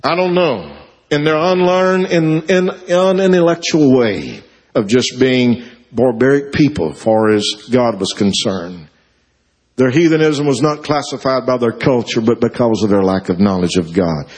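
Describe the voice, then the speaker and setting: A man's voice: medium pitch, expressive, unhurried, darkish tone. A male pastor preaching a sermon, building to emotional climaxes and stretching out his phrases.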